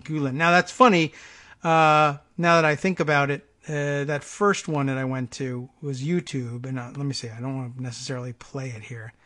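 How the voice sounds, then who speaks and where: A man's voice: medium pitch, steady tone, moderate pace, sharp tone. A man hosting a morning talk radio show, thinking aloud and reading out online posts in a casual, rambling way.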